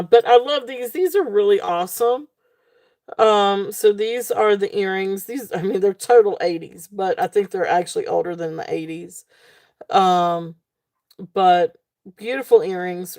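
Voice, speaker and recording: A woman hosting a live jewelry sale stream, talking casually with many fillers and a relaxed, tired manner. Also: lowish voice, dry recording, clean studio sound.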